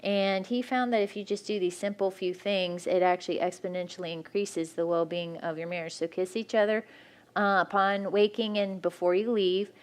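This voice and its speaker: A woman's voice: mid-range voice, fairly even intonation, moderate pace. A woman speaking frankly and practically at a church marriage workshop, teaching couples.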